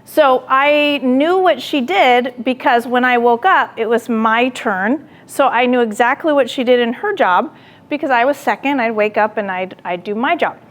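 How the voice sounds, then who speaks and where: A woman gives a lecture with a voice a little higher than most. She tells a personal story with animation, acting out what she said herself. She turns to the listeners with direct questions. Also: normal speed. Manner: animated storytelling, acting out her own quoted lines; asks the audience direct questions.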